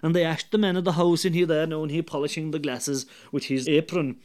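An older Irish man telling a traditional folk tale, lively and dramatic, swinging between loud and hushed. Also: fairly high pitch, a little fast. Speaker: storyteller.

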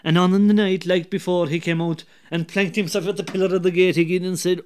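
A man with an Irish accent telling a folk tale, lively and dramatic, dropping to hushed asides. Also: high-pitched, fast, clean tone. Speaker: storyteller.

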